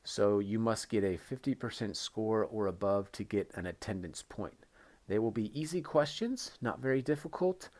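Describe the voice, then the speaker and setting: Patient low-voiced male English teacher. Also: expressive, normal speed, darkish tone. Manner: patient, repeats key phrases with rising emphasis. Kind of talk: recorded online English lesson.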